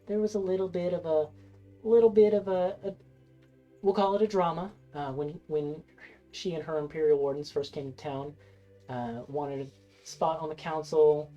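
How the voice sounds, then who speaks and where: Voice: mid-range voice, dark tone, lo-fi sound, natural voice. A game master voicing a friendly town councillor in a tabletop game, rambling and restarting sentences in a voice raised above their own. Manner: rambling, hesitant, lots of restarts.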